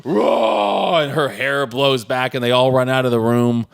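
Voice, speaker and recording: A man's voice: mid-range voice, flat delivery, moderate pace, clean tone, dry recording, studio quality. A man co-hosting a podcast, chatting casually and retelling a film scene with lots of fillers and restarts. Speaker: podcast co-host.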